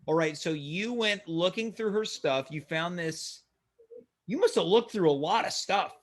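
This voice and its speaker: Man, host, high voice, deadpan, mock-serious questioning, comedy interview. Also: a little slow.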